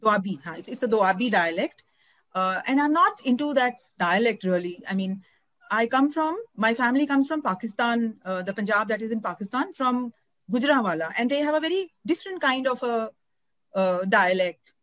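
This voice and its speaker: A woman's voice: on the high side, animated, normal speed, a bit bright, no echo, low-quality recording. A woman from India talking expressively about translating a novel, often searching for words and restarting. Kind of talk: conversational talk about translating.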